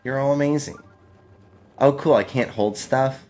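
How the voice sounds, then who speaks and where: A man's voice: medium pitch, unhurried, a little mellow, slight background noise. A man streaming a video game live, playful and exclaiming, laughing often and thanking his chat. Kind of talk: live gameplay commentary.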